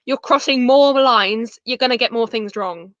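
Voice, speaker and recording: A woman co-hosting a casual fan chat, agreeing quickly and chiming in. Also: fairly high pitch, a bit bright, no room sound, muffled recording. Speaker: podcast co-host.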